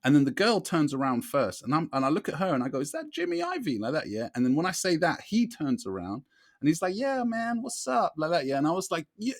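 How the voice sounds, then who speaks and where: A man, co-hosting a podcast and telling a long story in a lively way, often asking "you know what I mean". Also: fairly high pitch, quick pace, dry recording, studio quality. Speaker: podcast co-host. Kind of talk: casual storytelling chat.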